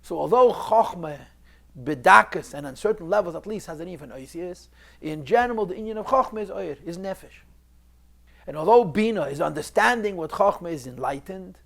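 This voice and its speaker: A man's voice: sits high, expressive, fairly quick, creaky, fairly bright tone. A man teaching a recorded class on a Chassidic text, explaining step by step, repeating key phrases and mixing Hebrew and Yiddish terms into his English. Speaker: Torah teacher.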